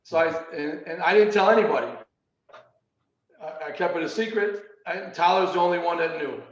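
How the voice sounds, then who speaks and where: A man casually telling a personal story on a video call, animated and repeating words as he goes. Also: fairly high pitch, moderate pace. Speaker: meeting participant. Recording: roomy, muffled video call audio.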